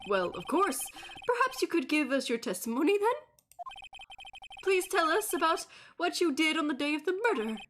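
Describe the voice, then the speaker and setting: A woman voicing a cool, smug male prosecutor in a lowered, measured voice. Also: sing-song, fairly bright tone, soft background music.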